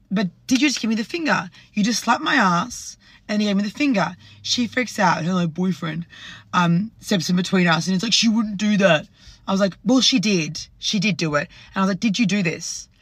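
A woman's voice: fairly low pitch, a bit bright, no room sound. Indignant swearing woman, dry sound. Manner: indignant, swearing, acts out quotes. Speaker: public figure telling a story. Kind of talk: candid storytelling to camera.

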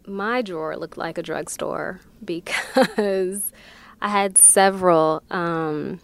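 A woman sharing a painful personal experience in a slow, measured, reflective way. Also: on the low side, gravelly, smooth. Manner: slow, measured, emotional recollection.

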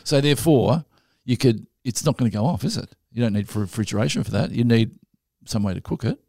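Gravelly man bantering. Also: mid-range voice, warm tone, no echo, studio quality. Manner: playful, rambling, quick jokes. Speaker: podcast co-host. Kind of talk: casual chat.

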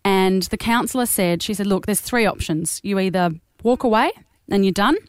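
Candid woman co-host, mid-pitched. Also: normal speed, clear, resonant tone, no echo, clean studio sound. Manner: candid and conversational, quoting others. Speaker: podcast co-host. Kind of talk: casual chat.

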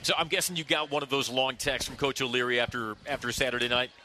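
Man, sports radio host, very bright sharp tone, upbeat and smooth. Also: mid-range voice, steady tone, quick pace, slight background noise. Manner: upbeat, smooth, reads stats crisply. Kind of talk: radio sports talk interview. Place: outdoor brewery patio at a live radio show.

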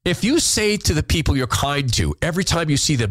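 His voice runs a little high and bright, with big pitch swings, captured without echo. As a podcast host, he reads listener letters aloud and answers with heartfelt emotion, sometimes faltering and repeating words when he's moved.

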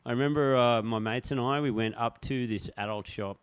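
A man in the middle of a casual comedic yarn on a podcast. His voice sits at a middle pitch, and he wanders and trails off while laughing often at his own story. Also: fairly quick, clean tone. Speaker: podcast guest.

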